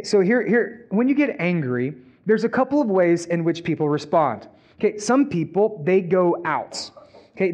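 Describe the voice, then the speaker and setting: High-voiced male pastor preaching. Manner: animated, asks the congregation rhetorical questions. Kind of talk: sermon. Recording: dull lo-fi sound.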